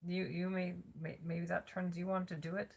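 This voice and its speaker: Very gravelly, husky tired woman. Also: lowish voice, level tone. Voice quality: slightly slurred. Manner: rambling, halting, with many pauses and fillers. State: exhausted, voice worn out. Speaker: vlogger. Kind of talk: casual check-in vlog. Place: lying on a cot at home. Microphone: phone camera.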